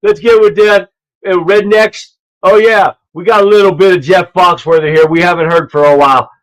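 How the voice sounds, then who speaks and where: A man hosting a casual livestream, talking loudly and rambling between clips, on an earpiece mic. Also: sits high, steady tone, moderate pace, low-quality recording. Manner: loud, rambling, laughs at his own clips. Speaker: livestream host.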